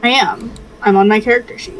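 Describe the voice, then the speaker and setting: A woman's voice: a little high, steady tone, fairly quick, a bit bright, a little hiss or hum, rough recording. A woman player in a tabletop game, chatting casually and giggling.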